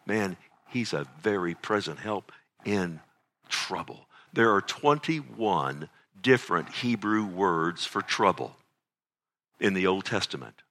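A middle-aged man preaching a sermon, pleading urgently and swinging between loud emphasis and hushed, intimate lines. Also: sits low, big pitch swings, slow.

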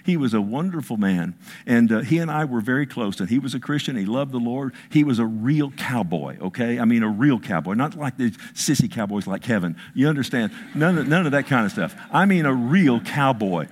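A man preaching a sermon, telling stories with emphasis, his voice dropping hushed and then rising, with frequent asides like "listen" and "I mean.". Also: mid-range voice, lively intonation, a little fast. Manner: storytelling, emphatic, swings between hushed and raised; repeats "listen" and "I mean" as fillers. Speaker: pastor.

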